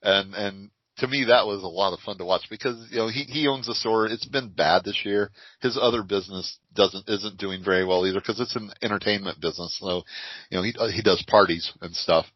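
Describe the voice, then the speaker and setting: An older man co-hosts a casual podcast, telling lively stories and laughing often. His voice sits low. The audio is dull and dry. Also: a little fast, dry recording. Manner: lively storyteller with frequent laughs. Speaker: podcast co-host.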